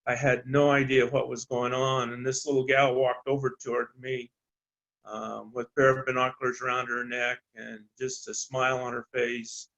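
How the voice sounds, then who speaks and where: A man's voice: mid-range voice, flat delivery, vocal fry, a bit bright. Colorado ranch guy, folksy, lots of ums, kinda dull muffled audio. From eastern Colorado. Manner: folksy, halting, many ums and restarts. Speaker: rancher on a landowner panel. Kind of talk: storytelling on a panel talk.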